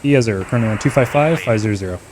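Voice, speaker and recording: A man's voice: fairly low pitch, rapid-fire, background noise. A man streaming a flight simulator, trading loose, profane banter with his chat and making short radio calls to teammates.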